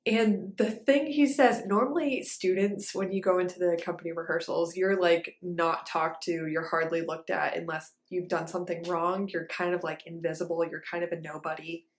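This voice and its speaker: A young woman dancer telling a story in a casual, animated way, with lots of fillers. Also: on the low side, normal speed, few pauses. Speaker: ballet dancer and vlogger. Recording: echoey room.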